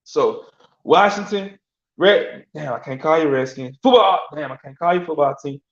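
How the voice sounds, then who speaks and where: An Alabama man hosts a casual sports rant, his fairly high voice expressive and moving at a moderate pace. He's loose, slangy and rambling, laughing often. The recording sounds echoey and dull, with lo-fi quality.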